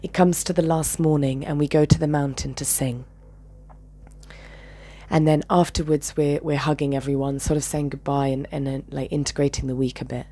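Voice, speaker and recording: Husky low-voiced woman telling a story. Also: fairly even intonation, moderate pace. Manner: intense, swings between loud and whispered, swears. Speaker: channel host. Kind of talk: personal storytelling.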